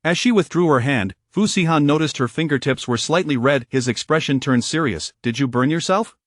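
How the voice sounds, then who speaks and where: A man giving scripted audiobook narration of a romance story in an even, steady reading. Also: a little high, fairly quick, no room sound, clean studio sound.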